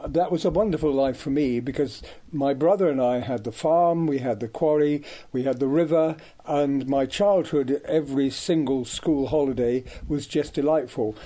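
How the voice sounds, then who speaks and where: A man's voice: mid-range voice, moderate pace, few pauses, dark tone. An older man from Devon, a guest reminiscing about his life, hesitant and full of ums and restarts. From Devon, England. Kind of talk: reminiscing conversation.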